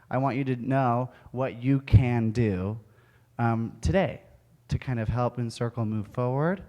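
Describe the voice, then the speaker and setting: A man's voice: medium pitch, a little mellow. A young man giving a speech to an audience, telling a candid personal story and laughing often as he goes. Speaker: speaker at an event. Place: auditorium with audience.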